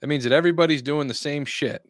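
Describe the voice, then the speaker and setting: A man's voice: on the high side, fast, no room sound, studio quality. A man co-hosting a casual podcast chat, emphatic and blunt, swearing and mimicking exasperation. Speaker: real estate agent and podcast co-host.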